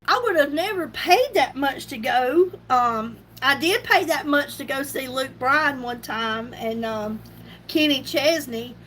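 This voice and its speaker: A middle-aged woman with a drawl talks through a casual makeup livestream in a high, bright voice. She is chatty and laughs easily, and she breaks off to greet viewers by name. A faint room hum sits behind her. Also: lively intonation, measured pace. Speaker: beauty livestream host. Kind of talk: casual makeup live chat.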